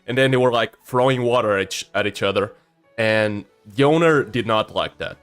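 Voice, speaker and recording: A man's voice: lowish voice, moderate pace, smooth, faint music behind. A man in his early twenties, a streamer casually telling a story, shy and prone to stammering. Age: early 20s. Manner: shy and stammering, with a swinging, lively delivery.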